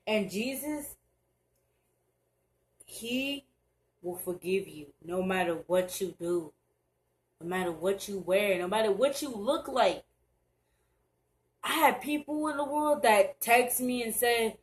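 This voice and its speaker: A woman's voice: mid-range voice, lively intonation, a little hiss or hum, rough recording. Earnest young woman vlogging advice. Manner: earnest, halting, with many restarts. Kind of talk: casual advice vlog. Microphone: camera mic, looking down at screen.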